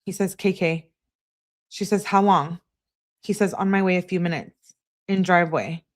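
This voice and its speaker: A woman on a live stream reading text messages aloud in a steady voice, breaking off to answer her chat. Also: lowish voice, moderate pace. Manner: flat reading, asides to chat.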